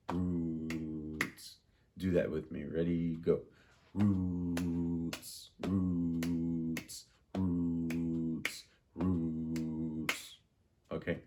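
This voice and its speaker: A man's voice: extremely low pitch, warm tone, a little hiss or hum. A man teaching a music lesson, patiently drilling rhythms and asking questions. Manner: slow, patient, repeats and drills words.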